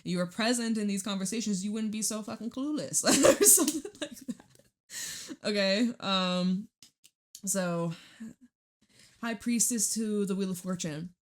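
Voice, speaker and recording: A woman's voice: medium pitch, a little mellow. Young female tarot reader, casual chat, rambly and profane, laughs a lot. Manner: chatty, rambling, laughs and swears freely.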